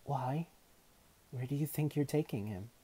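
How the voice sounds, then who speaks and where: A man's voice: medium pitch, a little slow, mellow, slightly rough, voice pushed up. A man reading aloud and voicing an insolent teenage girl enchanter who talks back in a defiant, demanding way.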